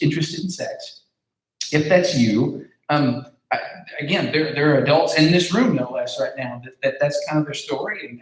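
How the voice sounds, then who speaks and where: A man giving a casual youth group talk as pastor, conversational, with many fillers and repeated words. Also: on the high side. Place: large room with a group. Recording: echoey room.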